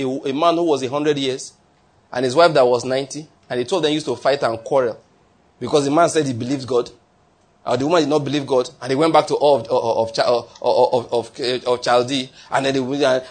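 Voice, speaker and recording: A man's voice: on the high side, husky. A man preaching a sermon with emphasis, repeating key phrases and sometimes stumbling over his words. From not from the United States.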